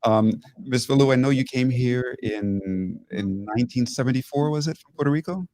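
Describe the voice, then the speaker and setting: A man's voice: mid-range voice, moderate pace, a little mellow, dry recording. A man in his fifties hosting a TV interview, speaking with many restarts and repeated phrases. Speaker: host. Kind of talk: television interview.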